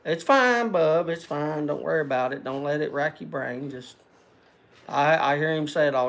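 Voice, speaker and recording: A man's voice: a little high, moderate pace, vocal fry, fairly bright tone. An older man hosting a livestream, chatting with viewers in a rambling, folksy, self-deprecating way. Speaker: livestream host. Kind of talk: casual chat to viewers.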